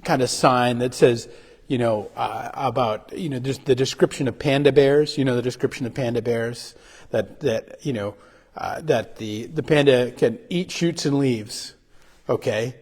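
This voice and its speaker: A male pastor delivers a short midday reflection in an unpolished, halting way, circling back and restarting his phrases. His voice sits at an ordinary middle pitch. The sound trails off in a long reverb, as if streamed from a church sanctuary. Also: a little mellow, slightly rough. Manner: halting, full of restarts and fillers. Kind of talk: sermon reflection. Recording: livestream with long hall reverb.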